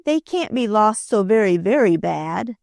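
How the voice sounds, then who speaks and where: A woman's voice: medium pitch, animated, unhurried, creaky, darkish tone, dry recording, clean studio sound. A woman doing a lisping little girl. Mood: earnest. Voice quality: lisp. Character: small girl with a lisp, reasoning sweetly.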